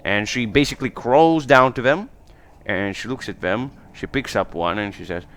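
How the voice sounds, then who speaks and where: A man's voice: mid-range voice, moderate pace, a bit bright. A man narrating a tabletop role-playing game as game master, describing scenes at length and laughing often.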